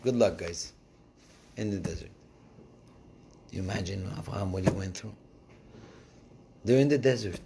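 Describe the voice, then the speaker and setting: A man giving a casual Torah lesson, telling the story in an animated way and switching between languages. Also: sits low, moderate pace, creaky, pauses often, heavy background noise. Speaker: Torah teacher.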